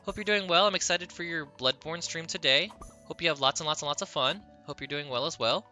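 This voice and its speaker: A man's voice: a little high, a little fast, bright, forceful tone, soft background music. A man streaming a video game, chatting playfully with his viewers and giggling at his own jokes. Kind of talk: casual live-stream chat while gaming.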